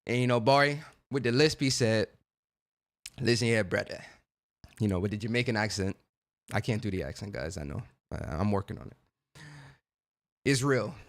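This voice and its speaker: A man's voice: fairly low pitch, brisk. A young man hosting a casual gaming livestream, chatting in laid-back slang, greeting viewers by name and laughing often.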